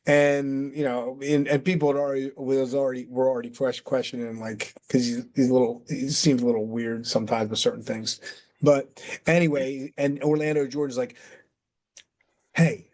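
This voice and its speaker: A man's voice: mid-range voice, steady tone, brisk, a little mellow. A man guest in a casual interview, telling a long story with many restarts and acted-out quotes. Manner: rambling, restarts, acts out quotes. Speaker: interview guest, former wrestler.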